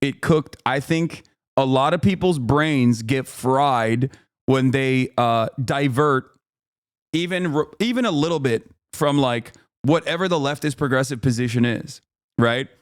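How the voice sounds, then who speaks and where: A man streaming live, reacting to a clip with animated, indignant commentary, swearing and laughing often. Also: medium pitch, a little slow.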